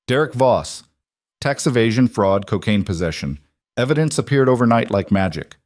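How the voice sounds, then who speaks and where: A man narrating an audiobook voices a weary female detective who questions in a measured, level way. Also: mid-range voice, lively intonation, a little mellow, no echo, natural voice. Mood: pressing.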